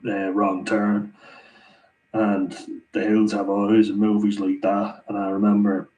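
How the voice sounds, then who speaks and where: Irish male streamer, casual live chat host, lowish steady voice, laughs a lot. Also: rough recording. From Ireland. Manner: chatty, laughs often, reads comments aloud. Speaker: livestream host answering viewer chat.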